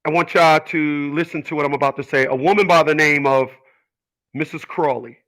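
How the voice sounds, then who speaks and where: A middle-aged man delivers an emphatic personal monologue to his audience. His voice is bright and forceful, sitting a little higher than most men's. He presses his points with earnest, preachy conviction. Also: brisk, low-quality recording. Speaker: channel host.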